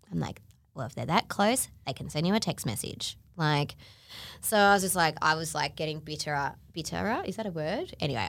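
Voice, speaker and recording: A woman's voice: sits low, creaky, dry recording. A woman chatting casually on a podcast, telling a long story and acting out the people she quotes, with lots of "like". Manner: animated, acts out quoted voices, frequent "like".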